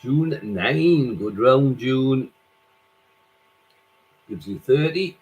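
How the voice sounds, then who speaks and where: A man hosting a quiz, reading out scores and questions slowly and repeating each question. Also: mid-range voice, lively intonation, a little mellow, rough recording. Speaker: quiz host.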